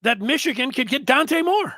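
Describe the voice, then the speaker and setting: A man hosting a sports show, talking through his opinions in a rambling, animated monologue full of self-corrections. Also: extremely high pitch, normal speed, no echo. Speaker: sports podcast host. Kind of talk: casual sports commentary monologue.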